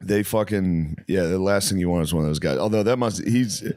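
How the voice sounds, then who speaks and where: A fairly low-voiced man trades crude, quick wisecracks on a comedy podcast. His voice sits close and dry on the mic. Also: a little mellow, no room sound. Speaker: podcast co-host. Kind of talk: casual comedic banter.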